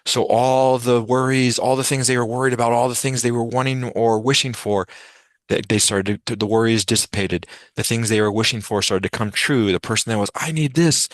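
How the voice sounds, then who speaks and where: A man's voice: on the low side, a bit bright, dry recording. A man hosting a group meditation call, sharing a vision in a rambling way, repeating words and acting out quoted voices over a video call. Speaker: meditation session host.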